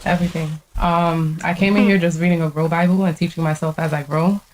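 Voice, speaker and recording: A woman's voice: on the low side, steady tone, fairly quick, slight background noise, low-quality recording. A woman answering interview questions as a student, enthusiastic and searching for words.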